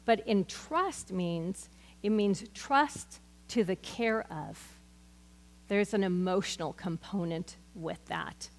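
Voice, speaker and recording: A woman's voice: medium pitch, very animated, takes it slowly, long reverb tail. A woman teaching a Bible study in an earnest, conversational way, mixing scripture with personal stories.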